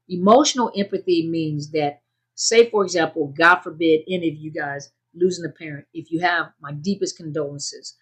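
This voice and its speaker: A woman's voice: sits low, a bit bright, slightly rough. A woman hosting a casual advice talk, speaking conversationally, repeating her points and addressing her audience directly. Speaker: host giving advice on narcissistic abuse. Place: indoors, under a bright light.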